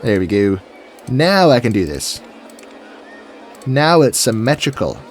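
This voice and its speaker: In this let's-play clip, a man with a mid-range, sing-song voice speaks unhurriedly while building in a game. His commentary is casual and goofy, mostly talk to himself, and there's a little hiss or hum in the audio.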